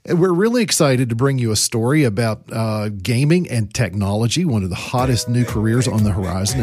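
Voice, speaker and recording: A man hosting a podcast, introducing the episode and interviewing a guest in a friendly, lively way. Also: on the low side. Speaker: podcast host.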